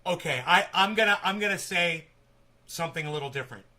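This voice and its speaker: Chatty, bright-voiced man host. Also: fairly high pitch, lively intonation, fast. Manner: chatty, rambling, opinionated. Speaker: live-stream host. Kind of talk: casual live-stream interview.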